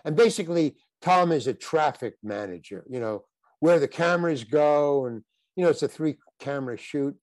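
A man's voice: on the high side, animated, a little mellow, no echo. An older man, a guest actor, telling rambling stories in a casual interview, often breaking off and restarting his sentences. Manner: rambling anecdotes with halting restarts.

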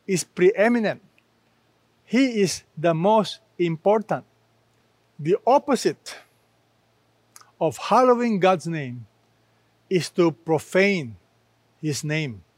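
A man preaching a sermon as pastor, slow and emphatic, asking rhetorical questions. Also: high voice, no room sound.

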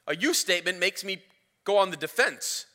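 A man in his thirties preaching a sermon as a pastor, telling a story in an animated way, his voice rising as it builds. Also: sits high, moderate pace. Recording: reverberant hall.

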